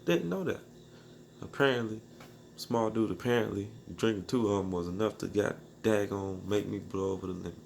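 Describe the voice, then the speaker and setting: Gravelly low-voiced man telling a story. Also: level tone, brisk, a little hiss or hum. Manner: loose, rambling slang-filled storytelling with restarts. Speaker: beatmaker telling a personal story. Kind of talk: casual storytelling.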